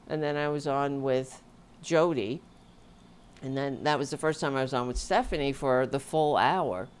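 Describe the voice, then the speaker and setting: A deep female voice, with slight background noise. She hosts a livestream show from home using a home mic and audio interface, chatting casually, rambling, interrupting herself, and sounding worn out.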